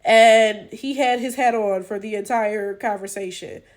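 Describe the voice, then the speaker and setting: A woman's voice: medium pitch, a little slow. A woman giving blunt, profane, incredulous reaction commentary full of rhetorical questions. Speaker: reaction channel host.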